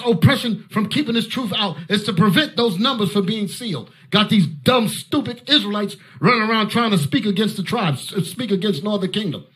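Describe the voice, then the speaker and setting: Brisk and with few pauses, a fiery male preacher with a high-pitched voice and lively intonation forcefully drives his Bible teaching, erupting in sudden shouts. He barks short commands between points.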